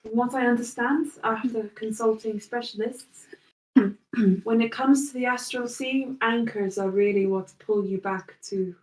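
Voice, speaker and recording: A woman's voice: on the high side, unhurried. Woman game master on a distant, roomy mic. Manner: relaxed, filler-heavy narration. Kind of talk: narrating a tabletop game.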